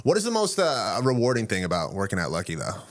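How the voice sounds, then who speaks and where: A low-voiced man hosts a podcast and chats with his guest in a friendly, reflective way. The recording is dry, with no room sound. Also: wildly swooping pitch, fast talker, no room sound. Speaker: podcast host. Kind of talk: casual interview chat.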